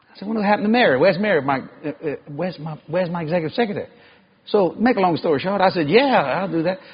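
A husky, fairly high-voiced man, preaching in a folksy, storytelling way. He breaks into laughing asides and climbs to loud, emphatic peaks. The recording sounds dull and lo-fi, like an older sermon tape. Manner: folksy, animated, laughing asides, rising to shouts.

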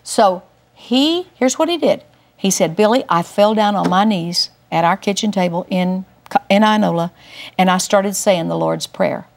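A woman's voice: a little slow, gravelly. Emphatic older woman teaching scripture. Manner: emphatic storyteller, swings pitch up for emphasis. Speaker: Christian teacher. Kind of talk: testimony-style Bible teaching.

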